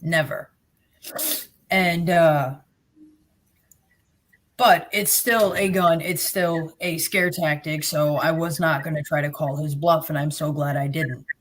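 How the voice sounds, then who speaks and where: A woman's voice: sits low, steady tone, takes it slowly, pauses often. Blunt, sarcastic Jersey woman storyteller. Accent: New Jersey. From New Jersey. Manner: blunt, sarcastic, plain-spoken. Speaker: guest. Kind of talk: personal storytelling.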